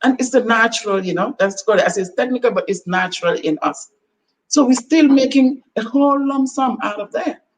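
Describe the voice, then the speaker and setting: Speaking a little high and fairly quickly, a Gambian woman on a talk-show panel dispenses earnest, sermon-like advice and acts out quoted dialogue. The show is motivational chat, recorded by a far-off mic over faint background noise.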